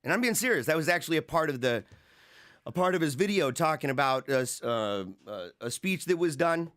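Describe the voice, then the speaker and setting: A man's voice: on the high side, animated, brisk, fairly bright tone. A man hosting a livestream show, chatting casually, rambling, mocking and laughing often as he reads viewer comments. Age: adult, married with young children.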